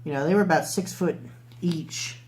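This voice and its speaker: A man's voice: a little high, normal speed, darkish tone. Young male vlogger, casual storyteller, loose and profane delivery. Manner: rambling, swears freely, many fillers.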